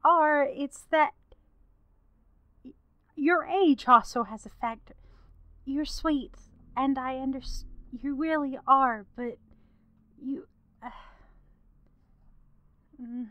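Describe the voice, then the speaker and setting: Woman doing a flustered young woman, stammering, slow, clear voice, dry sound. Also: high-pitched, sharp tone, dry recording, exaggerated voice.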